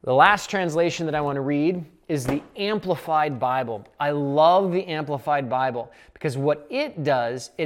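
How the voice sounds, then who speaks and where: A Bible study teacher leads a casual lesson, talking through each point in a relaxed, conversational way. The delivery sounds unscripted, with the teacher working out thoughts aloud while explaining the passage. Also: mid-range voice.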